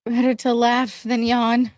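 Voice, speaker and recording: A woman's voice: on the high side, monotone, unhurried, dry recording. A woman chatting casually on a livestream, reading out viewer comments between laughs. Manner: reads chat comments aloud, laughing. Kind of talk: casual chat.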